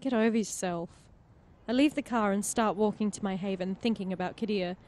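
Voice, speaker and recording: A woman playing a story game, reading its text aloud as an expressive narrator and chatting between passages. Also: mid-range voice, quick pace. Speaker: player and host of a game playthrough.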